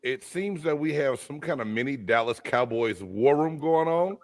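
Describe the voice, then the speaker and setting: A man hosting a casual live sports chat, loud and joking with his co-hosts. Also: medium pitch, animated, moderate pace, a crowd in the background. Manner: loud, hyped, joking banter. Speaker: host.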